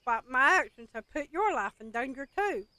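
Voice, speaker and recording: A woman's voice: high-pitched, expressive, bright, forceful tone, no room sound. A woman reading out a guilty turncoat confessing. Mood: bitter. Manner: reading game dialogue aloud with halting stammers.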